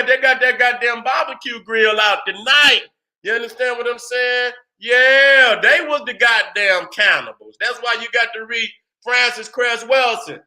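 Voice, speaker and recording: A man's voice: very high voice, pushed and bright. A man hosting his channel, giving a heated, profane lecture and constantly asking whether listeners follow him. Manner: profane, emphatic, keeps asking "you see what I'm saying". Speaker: channel host.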